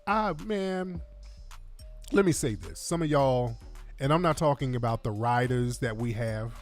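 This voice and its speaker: A man's voice: medium pitch, measured pace, soft background music. A man hosting a radio show, giving blunt, slangy commentary. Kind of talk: commentary over played clips.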